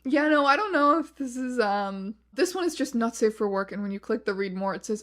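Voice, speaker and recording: Lady reading weird posts for a commentary video, kinda high voice, wry and disbelieving. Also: lively intonation, fairly quick, hardly any pauses. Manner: wry, incredulous asides. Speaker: video essay host.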